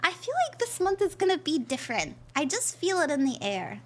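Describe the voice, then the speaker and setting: A woman's voice: sits high, big pitch swings, brisk. A woman hosting a live stream, chatting in a bubbly way and thanking viewers by name as a tarot reader. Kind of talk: casual live-stream chat.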